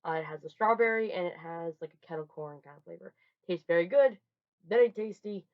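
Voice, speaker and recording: Lively young woman, lo-fi home recording. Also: lowish voice, fairly quick. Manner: chatty, rambling, with frequent restarts and loud bursts. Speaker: vlogger. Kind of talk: casual show-and-tell haul.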